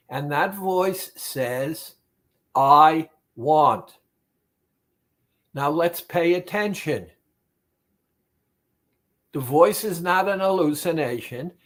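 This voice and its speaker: Slow, emphatic male therapist. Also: a little high. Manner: slow, emphatic, addresses listener directly. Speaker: weight-loss therapist. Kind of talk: motivational talk.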